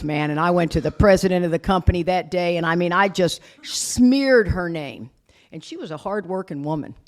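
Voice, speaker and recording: A woman speaking at a recovery retreat, telling her story candidly with some swearing. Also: on the low side. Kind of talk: recovery meeting talk. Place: retreat meeting room.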